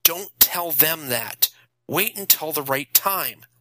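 A man's voice: a little high, lively intonation, bright, forceful tone, a little hiss or hum, voice pushed up, full character voice. A man voicing an earnest teenage boy who firmly stands up to a bully. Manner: firm, measured, defiant.

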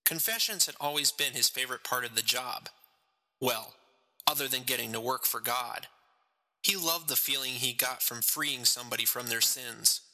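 A man reading his own short story aloud in slow, measured storybook narration. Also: mid-range voice, bright, forceful tone. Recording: long reverb.

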